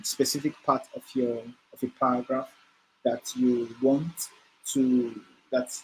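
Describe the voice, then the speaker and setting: A man walks through a coding tutorial at a middle pitch, thinking aloud with frequent fillers and restarts. A faint noise hums under his voice. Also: poor audio. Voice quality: hesitant, many fillers and restarts while explaining. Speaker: coding instructor. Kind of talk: screen-share coding tutorial.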